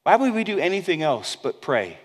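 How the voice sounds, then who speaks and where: A man preaching a sermon in a conversational way, dropping low and quiet on key words and acting out the voices of people he quotes. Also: big pitch swings, moderate pace, long reverb tail. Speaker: pastor.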